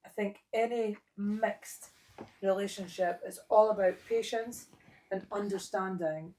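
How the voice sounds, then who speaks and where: A woman's voice: mid-range voice, dark tone. A middle-aged Scottish woman talking in an interview, blunt and bawdy, laughing at her own jokes. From Scotland. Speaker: guest. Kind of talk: candid interview talk.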